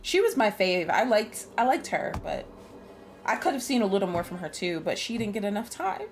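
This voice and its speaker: A woman's voice: mid-range voice, very animated, moderate pace. A woman streaming a game, chatting casually with frequent laughs and free swearing. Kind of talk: casual gameplay commentary.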